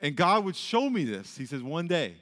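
High-voiced preacher man in a reverberant church. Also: moderate pace. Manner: animated preaching with storytelling, restarts and acted-out quotes. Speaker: pastor. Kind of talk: sermon. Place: church sanctuary with a pulpit.

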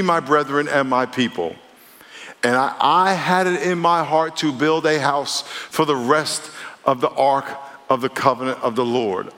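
Preaching pastor in a reverberant hall. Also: male voice, mid-range voice. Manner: lively preaching, quick shifts between loud emphasis and quiet asides. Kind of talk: sermon. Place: church sanctuary.

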